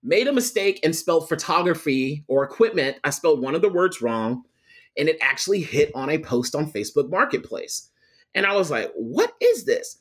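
Give me an animated young man, recounting a story in an interview. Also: on the high side, a little fast. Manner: animated storyteller acting out quoted voices. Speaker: guest, photographer and attorney.

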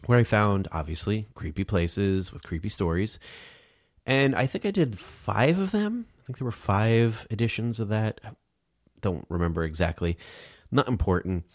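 A man's voice: on the low side, lively intonation, moderate pace, dry recording, clean studio sound. A man hosting his own podcast in casual solo talk, sounding nasal from a stuffy nose, chatty and self-deprecating with rambling asides. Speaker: podcast host. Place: home recording setup in New Jersey.

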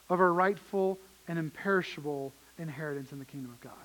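A man's voice: fairly high pitch, quick pace, few pauses, a bit bright, rough recording. A man preaching a sermon as pastor, earnest and emphatic, often repeating his phrases.

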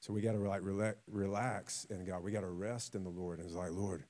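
Animated preacher man, conversational sermon. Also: low-pitched, brisk, few pauses. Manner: animated storytelling with acted quotes and sudden drops to a quiet voice; repeats and restarts words, conversational.

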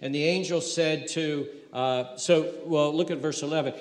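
Pastor, conversational and animated, slightly high voice, echoey hall. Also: male voice, normal speed, few pauses. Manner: conversational, animated, acts out scenes. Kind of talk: sermon. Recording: echoey hall with long reverb.

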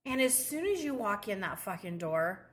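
A woman co-hosting a podcast, talking bluntly with frequent swearing and animated quoted lines. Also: mid-range voice, moderate pace. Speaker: podcast co-host. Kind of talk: casual chat.

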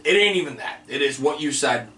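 A man hosting a food podcast and tallying scores, talking in relaxed, joking banter. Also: mid-range voice, brisk. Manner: laid-back, joking banter. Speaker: podcast host keeping the scores. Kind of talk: casual chat. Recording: echoey room, distant mic, faint noise.

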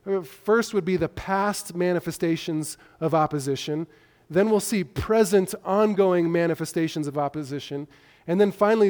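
A man preaching a measured expository sermon, walking through a passage point by point with small restarts. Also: a little high, darkish tone. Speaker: pastor. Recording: long echo of a hall.

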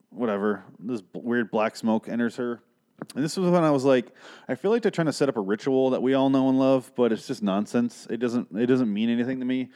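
A man's voice: medium pitch, a little mellow, smooth. A man in his thirties casually recapping a film, sarcastic and exasperated, swearing freely. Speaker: film reviewer.

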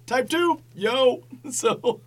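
A man's voice: very high-pitched, expressive, extremely slow, a little hiss or hum. Rambling, profane male podcast host. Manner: rambling, profane, many fillers. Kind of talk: casual chat.

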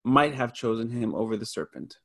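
A man's voice: medium pitch, lively intonation, fairly quick, vocal fry. Casual man posing faith questions. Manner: casual, thinks aloud while posing questions. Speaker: questioner in a Bible study.

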